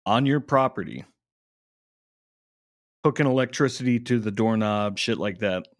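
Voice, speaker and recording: A man's voice: fairly low pitch, moderate pace, dry recording, clean studio sound. Blunt, profane man in casual chat. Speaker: podcast co-host.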